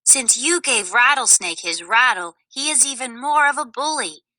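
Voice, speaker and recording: Woman reading as a polite owl, high, pleading, bright, storybook. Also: animated, normal speed, no echo. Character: respectful worried old owl.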